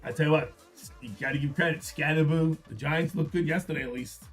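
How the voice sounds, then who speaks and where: A man hosting a live card-break stream, repeating prices and hyping the product in an upbeat sales pitch. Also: fairly quick, faint music behind. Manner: upbeat, repetitive hype.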